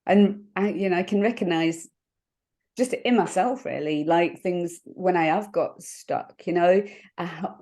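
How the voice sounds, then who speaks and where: A woman coach talking in a casual interview. She is reflective and halting, and she laughs often as she explains her thinking. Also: on the low side, dark tone. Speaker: NLP coach.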